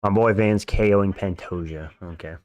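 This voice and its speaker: A deep, slightly mellow voice at a moderate pace belongs to a livestream host giving casual fight-watch commentary. He uses slang, reacts to the bouts and thanks viewers for donations, with no echo.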